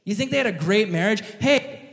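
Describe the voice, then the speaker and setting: A man preaching an animated, jokey sermon, addressing his audience directly as he tells a story. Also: high voice, a little slow. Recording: long hall reverb.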